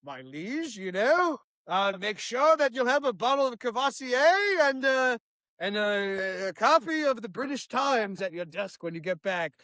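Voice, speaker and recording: A woman's voice: a little high, sing-song, a little slow, a bit bright, no room sound. A woman voicing a suave, overly formal male spy with a hesitant, pompous manner. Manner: hesitant, pompous, full of uh and you know.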